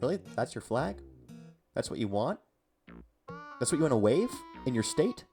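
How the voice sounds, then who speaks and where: A man's voice: mid-range voice, big pitch swings, moderate pace, darkish tone, faint music behind. A young man delivering a mock-outraged comedic rant, exasperated and repeating himself for effect. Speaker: comedy video host.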